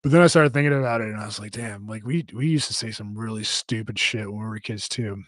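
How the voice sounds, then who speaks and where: A man's voice: fairly low pitch, fast, no room sound. Rambling casual man on a dry podcast mic. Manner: rambling, profane, many fillers and restarts. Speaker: podcast co-host. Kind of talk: casual live-stream chat reading comments.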